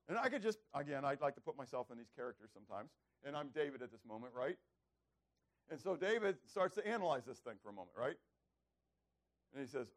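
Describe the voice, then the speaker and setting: Man, preacher, bible teaching, animated, rhetorical questions, slightly high voice, lively pitch. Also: fairly quick.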